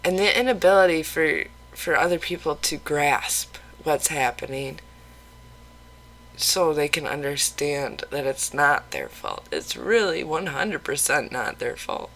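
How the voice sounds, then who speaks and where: A vlogger talking openly in a casual confessional video, rambling with halting restarts and casual swearing. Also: mid-range voice, very animated, fairly bright tone, poor audio. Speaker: mental health vlogger.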